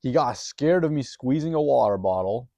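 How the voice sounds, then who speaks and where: A man telling a story in a rambling, profane way, trailing off and restarting his sentences. His voice sits at a middle pitch and sounds dry and close, with no room sound. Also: expressive, moderate pace, vocal fry, mellow, dry recording. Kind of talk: casual storytelling.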